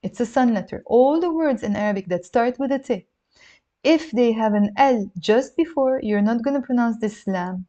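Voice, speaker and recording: A woman's voice: fairly high pitch, expressive, warm tone, muffled recording. Patient woman teaching. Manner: explains patiently, repeats phrases slowly for learners to echo. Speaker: language teacher. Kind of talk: spoken language lesson.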